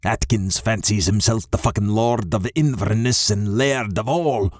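A man voicing a stern older Scottish clan father who speaks gruffly and bluntly, swearing as he gives orders. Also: on the low side, measured pace, dry recording, studio quality. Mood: gruff, commanding.

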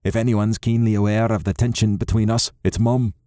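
A man narrating a novel in the first person, steady and measured. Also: on the low side, no echo, studio quality. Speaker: audiobook narrator.

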